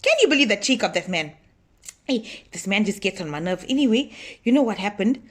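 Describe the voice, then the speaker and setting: A chatty, scolding older auntie, put on by a woman in a comic sketch, talking straight to her viewers. She gossips and grumbles about her husband in a lively, nosy way, with a middle-pitched voice. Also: fairly quick, natural voice. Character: bossy older auntie, long-married, scolding lazy husband. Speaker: comedy sketch character. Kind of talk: comic monologue to camera.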